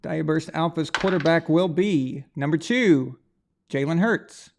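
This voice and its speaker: A man with a fairly high, gravelly voice, hosting a live stream. He rambles in a loose, chatty way and talks straight to the people watching as he runs a draw. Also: unhurried, darkish tone, a little hiss or hum. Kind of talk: casual live stream chat, running a prize draw.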